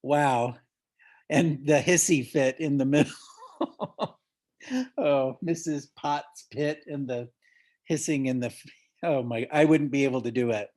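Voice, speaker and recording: A man's voice: mid-range voice, unhurried, pauses often, darkish tone. A man hosting an online story swap, praising the last teller and introducing the next. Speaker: host.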